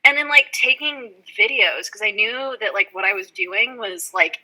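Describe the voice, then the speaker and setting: A young woman chatting casually on a podcast, telling rambling, animated stories and acting out quotes. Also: mid-range voice, moderate pace, poor audio. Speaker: guest van dweller.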